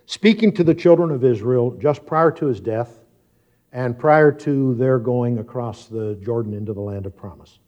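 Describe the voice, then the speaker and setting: A man preaching a sermon, moving from quiet, reflective explanation to loud, emphatic scripture reading and questions to his congregation. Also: mid-range voice, moderate pace. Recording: dull lo-fi sound.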